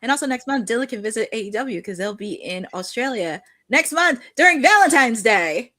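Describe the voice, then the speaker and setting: A woman co-hosting a wrestling podcast, chatting casually and rambling with quick self-corrections. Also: a little high, lively intonation, sharp tone. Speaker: podcast co-host. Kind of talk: casual chat.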